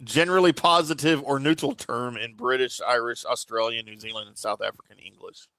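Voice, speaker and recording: A man's voice: medium pitch, steady tone, brisk, pushed and bright, no echo, rough recording. A man co-hosting a sports talk show, joking around with wry hot takes in casual banter. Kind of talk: casual sports radio chat.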